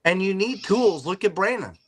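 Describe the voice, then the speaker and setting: A man's voice: sits high, expressive, normal speed, a little hiss or hum. A middle-aged man hosting a podcast, telling rambling stories in casual chat with a joking manner. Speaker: podcast host.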